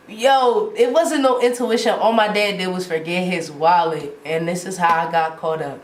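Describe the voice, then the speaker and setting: A woman in her twenties telling a casual storytime, animated and slangy, with lots of filler "like". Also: mid-range voice, moderate pace, few pauses. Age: 20s. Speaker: vlogger. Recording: roomy sound from off the mic.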